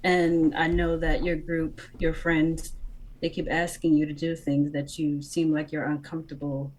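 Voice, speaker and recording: A woman playing a kindly lizardfolk warrior in a tabletop game, talking earnestly and haltingly. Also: sits low, level tone, a little mellow, low-quality recording. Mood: comforting. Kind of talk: in-character role-play.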